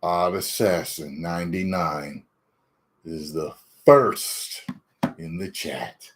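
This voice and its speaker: A man's voice: sits low, slight background noise. A man in his forties hosting a casual livestream, chatting playfully with his viewers. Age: 40s. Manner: slow, playful, talks to chat. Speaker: livestream host.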